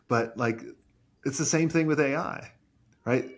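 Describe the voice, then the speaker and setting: A man's voice: medium pitch, measured pace, long pauses. A man who owns an agency, talking bluntly and emphatically in a casual podcast conversation and swearing freely. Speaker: agency owner.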